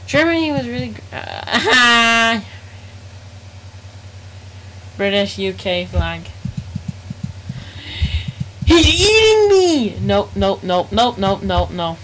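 A woman's voice: mid-range voice, slow pace, pauses often, sharp tone, a little hiss or hum, poor audio. A woman live-streaming a game, chatting casually in slangy speech and reacting aloud to chat.

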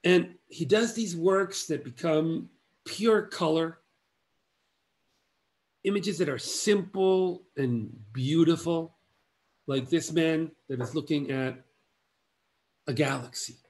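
Slow, measured male art lecturer. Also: on the high side, darkish tone. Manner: measured, halting phrases with long pauses. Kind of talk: illustrated art history lecture.

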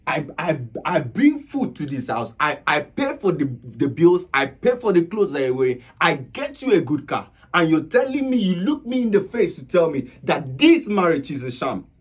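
A man's voice: a little high, sing-song, normal speed, hardly any pauses. A man acting a hardworking husband in a web skit, stammering and indignant as he defends himself.

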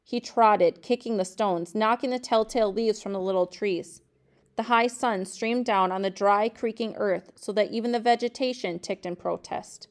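A woman teacher reads a novel aloud in a steady, measured way, with a mid-range voice. Her narration is even and unhurried, made for a class audiobook. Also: medium pitch.

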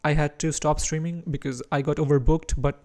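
A man's voice: a little high, little pitch movement, brisk, creaky, darkish tone. A man from India with an Indian English accent mixed with American and British touches, chatting casually while streaming chess and reacting to his moves.

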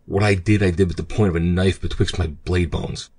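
A man's voice: deep voice, steady tone, a little fast, a little mellow, slightly rough. A man voicing a frightened male ship's mate in an audiobook, speaking in a hesitating way. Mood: fearful.

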